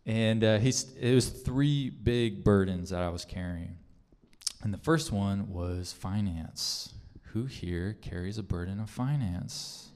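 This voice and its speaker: A man's voice: lowish voice, slow pace, a little mellow. A man giving a personal testimony sermon in a church hall, talking in an earnest, conversational way with many fillers and restarts. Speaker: speaker sharing a testimony. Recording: long reverb of a large hall.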